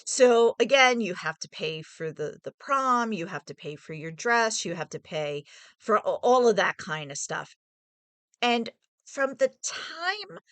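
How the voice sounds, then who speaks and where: A woman's voice: a little high, fairly bright tone, dry recording. A woman casually telling a personal story in a rambling, digressive way, thinking aloud as she goes.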